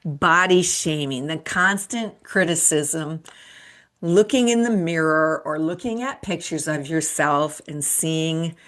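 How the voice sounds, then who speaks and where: Her voice is deep and a bit bright, and she talks slowly. She's a woman in her fifties hosting a solo motivational show as a midlife coach, encouraging and earnest, asking the listener rhetorical questions.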